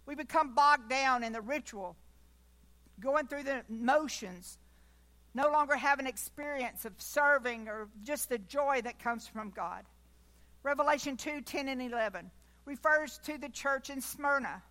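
A woman's voice: sits high, a little slow, sharp tone. A woman giving a folksy church sermon, with chatty asides and jokes along the way. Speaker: preacher.

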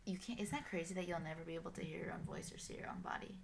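A young woman in casual chat with a friend, quick and questioning, teasing at times. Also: fairly low pitch, gravelly, reverberant, noisy background.

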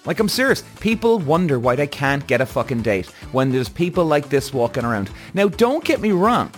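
On his solo podcast, a man whose voice sits on the high side swings widely in pitch while speaking at a normal speed over quiet background music. His rant is heated and blunt, full of swearing, and he restlessly revises what he says as he goes.

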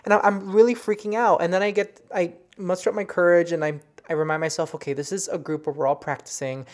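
A psychic medium tells the story of a reading in an earnest, personal way. The voice is soft and emotional, with frequent stumbles and restarted sentences, as if working through the memory aloud. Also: medium pitch, fairly even intonation. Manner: earnest, halting, with many restarts; softly emotional.

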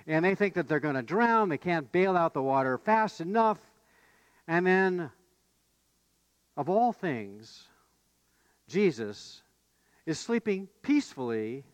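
A male pastor delivers a sermon in a conversational, unpolished way, full of small restarts and fillers. His voice sits a little high for a man and sounds dry and close, with no room echo. He grows animated when he voices the disciples.

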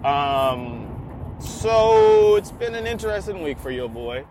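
A man's voice: on the high side, very animated, slow pace, a little mellow, a little hiss or hum. Profane rambling young man vlogging from his car. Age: 20s. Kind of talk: casual driving vlog. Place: in a car on city streets.

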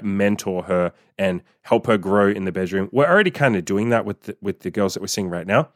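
Man, low voice, swears a lot, dry close sound. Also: no echo. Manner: profane, blunt, laughs often. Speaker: podcast host. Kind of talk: casual monologue.

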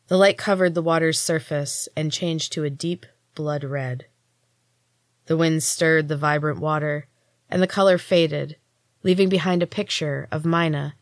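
A woman narrating a story in the first person, in an even, measured reading as a podcast host. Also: deep voice, no echo, studio quality.

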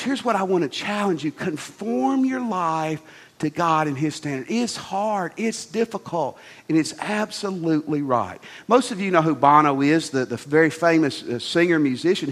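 A middle-aged pastor preaches in an animated, folksy style, repeating his key phrases. His voice sits high for a man and swoops widely from line to line. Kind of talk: sermon.

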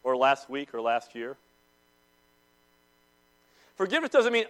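A man preaching a sermon to a congregation in a church, swinging between loud declarations and hushed intensity. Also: medium pitch, sing-song, a little slow, faint music behind. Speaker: pastor.

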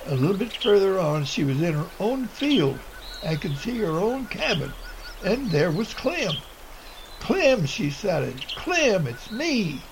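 A man's voice: high voice, big pitch swings, unhurried, vocal fry, background noise. A man narrating a storybook tale in an earnest, homespun reading voice with small slips. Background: music.

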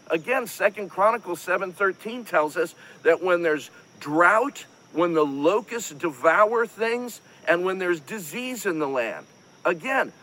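A man's voice: high-pitched, sharp tone, poor audio. A man preaching a sermon in an impassioned, pleading way, often calling on his listeners to listen. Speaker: pastor.

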